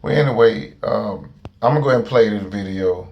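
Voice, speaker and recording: Rambling low-voiced man giving commentary. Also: fairly quick, muffled recording. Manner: rambling, hesitant, preachy. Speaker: video commentator. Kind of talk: casual commentary.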